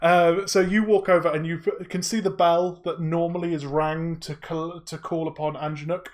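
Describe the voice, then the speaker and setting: Man, game master, fairly high voice, casual descriptive narration, ums and swearing. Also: little pitch movement, normal speed.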